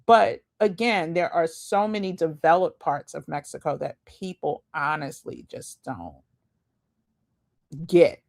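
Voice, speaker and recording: Lady host reacting to clips, chatty and slangy, talks slow. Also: sits low, creaky. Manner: chatty, laughing asides, slangy. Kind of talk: casual commentary reacting to videos.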